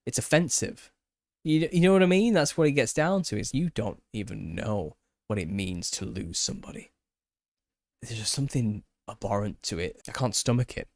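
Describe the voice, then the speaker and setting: Low-voiced man in an impassioned rant. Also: lively intonation, normal speed, creaky, no echo, clean studio sound. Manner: impassioned, repetitive, restarts when riled. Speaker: content creator. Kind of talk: opinionated solo rant.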